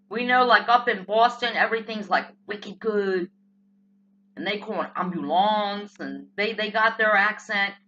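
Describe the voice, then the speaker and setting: A woman's voice: fairly high pitch, sharp tone, muffled recording. A woman with a New Jersey accent delivering a blunt, profane comic rant as a political commentator. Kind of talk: ranting comic monologue.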